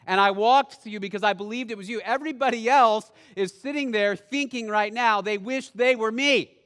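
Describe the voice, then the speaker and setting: A man's voice: high voice, brisk, a bit bright, big-room sound. A preacher playing an indignant fisherman. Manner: indignant, protesting. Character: exasperated fisherman defending himself, adult man.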